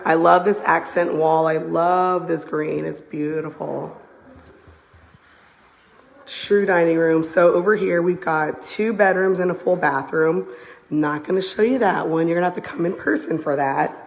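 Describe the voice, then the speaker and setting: A hoarse woman, a real estate agent showing a house on a live phone video, gushing as she walks through it. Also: on the low side, unhurried. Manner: gushing, enthusiastic, repeats "beautiful" and "I love". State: hoarse, lost voice. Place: walking through a large house, indoors and out. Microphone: handheld phone camera.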